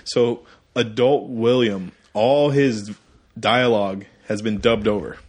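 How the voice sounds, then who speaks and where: A man co-hosting a casual movie review podcast, rambling through the plot and now and then slipping into quick silly voices for the characters. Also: on the low side, steady tone. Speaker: podcast co-host.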